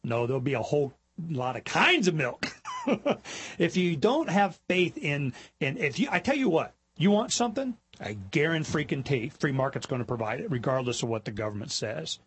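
A middle-aged man hosting a talk show, telling stories in a rambling, animated way and mimicking other people in high mocking voices. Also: normal speed, breathy edge. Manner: rambling, with repetitions and restarts. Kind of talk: casual monologue.

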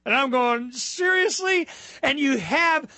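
A man hosting a casual political talk radio show, animated and rambling. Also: sits high, moderate pace, no room sound.

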